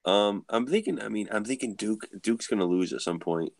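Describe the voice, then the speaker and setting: A man's voice: fairly low pitch, normal speed, creaky, darkish tone, no echo. A laid-back man chatting casually over beers on a live video show, leaning on "like" a lot. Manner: laid-back, heavy use of "like". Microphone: video call.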